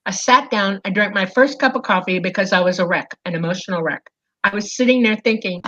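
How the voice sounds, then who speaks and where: Woman guest, lively storyteller, mid pitch, slightly dull podcast audio. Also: fairly quick. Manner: animated, lots of fillers and "okay?". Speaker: guest recounting an experience. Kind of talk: casual storytelling.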